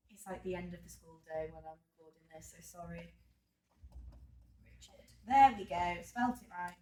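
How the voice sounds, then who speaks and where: A woman's voice: fairly low pitch, moderate pace, darkish tone, slight background noise. A woman, a drama teacher, talking through a revision lesson in a chatty way, thinking aloud and correcting herself as she goes. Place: room at school. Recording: roomy echo, mic at a distance.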